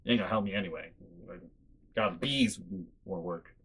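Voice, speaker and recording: A man's voice: low-pitched, brisk, a bit bright, husky. A man hosting a storytelling vlog, chatty and exasperated as he tells a family story. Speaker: host.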